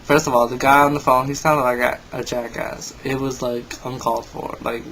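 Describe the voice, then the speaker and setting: A man's voice: medium pitch, level tone, moderate pace, a crowd in the background, low-quality recording. A young man telling a story in a casual vlog, rambling and exasperated. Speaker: vlogger.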